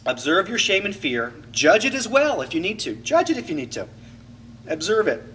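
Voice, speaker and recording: A man's voice: medium pitch, far from the mic, slight background noise, rough recording. A man coaching a class in a reflective teaching talk, acting out inner voices to make his points. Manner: animated, acts out inner voices to illustrate.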